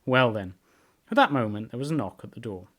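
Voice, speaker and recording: A man, a book reviewer, narrating a storybook aloud in a lively, expressive way. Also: medium pitch, fast.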